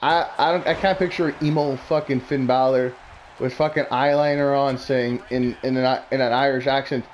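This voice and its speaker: A man's voice: mid-range voice, fairly even intonation, normal speed, slight background noise. A man talking casually and bluntly, rambling through opinionated predictions with plenty of swearing. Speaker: wrestling commentary vlogger.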